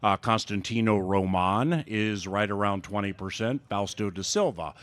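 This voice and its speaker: A man's voice: lowish voice, normal speed, a bit bright. A man hosting a casual racetrack show, chatty and upbeat with lots of fillers. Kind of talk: casual on-air chat.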